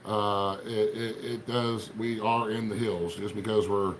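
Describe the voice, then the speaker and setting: Greeting viewers by name in a folksy, rambling style, a middle-aged livestream host from Appalachian Ohio talks with an Appalachian accent. His lowish voice is steady in tone and a little slow, and there's a little hiss or hum.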